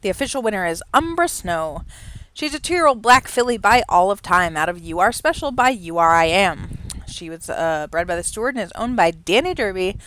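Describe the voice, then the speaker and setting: Woman calling a horse race. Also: mid-range voice. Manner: excited rapid race calling, then chatty and rambling. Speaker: race caller and host of a horse racing simulation show. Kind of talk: horse race commentary and casual chat. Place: home, with a dog nearby.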